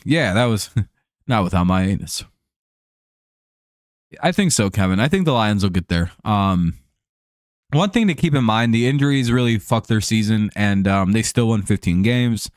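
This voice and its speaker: A young man hosts a sports chat livestream, rambling and cursing through lots of fillers and restarts while answering viewers by name. His voice sits on the low side and is a little mellow. The sound is dry and studio-clean.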